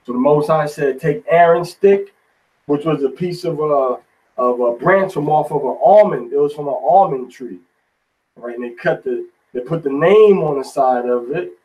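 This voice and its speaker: A man's voice: a little high, normal speed, darkish tone, far from the mic, rough recording. A man teaching a Bible study in an informal, folksy sermon style, often tagging lines with "man".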